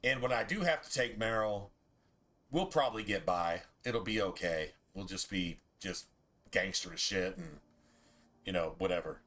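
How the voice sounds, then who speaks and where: Male streamer, bright and forceful voice, laid-back and profane, loose gameplay chatter. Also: low-pitched, lively intonation, moderate pace. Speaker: game streamer. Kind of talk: casual gameplay commentary.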